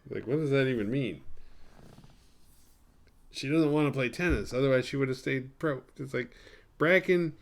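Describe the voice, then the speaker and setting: A man's voice: medium pitch, normal speed, creaky, long pauses. Podcast host, man, casual profane movie recap, sarcastic asides, rambles.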